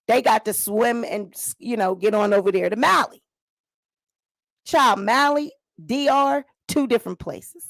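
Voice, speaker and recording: A woman's voice: on the high side, measured pace, creaky, no echo, clean studio sound. A woman hosting comedic commentary, sassy and drawling, humming tunes between jokes. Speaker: commentary host.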